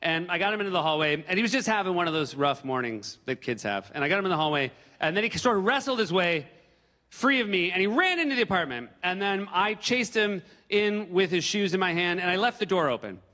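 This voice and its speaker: A man in his forties from New Hampshire doing animated stand-up comedy on a theater stage. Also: high-pitched, fairly quick. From New Hampshire, USA. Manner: animated, breaks into yelled impressions. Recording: stage mic in a reverberant hall.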